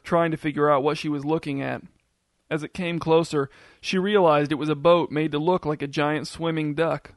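A man's voice: a little high, gravelly, dry recording. Man narrating a story in a dry close voice. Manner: steady, descriptive storytelling.

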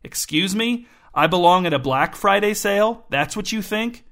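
A man's voice: fairly high pitch, a little fast, pushed and bright. A man reading the part of a sarcastic, suspicious middle-aged father in an audiobook, his talk growing heated. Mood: indignant.

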